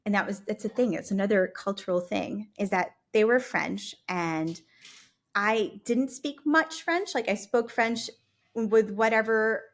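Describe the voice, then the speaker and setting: A woman's voice: mid-range voice, unhurried. A woman from Lebanon, a podcast guest chatting casually and animatedly, laughing often and acting out voices as she tells stories. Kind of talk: casual interview chat.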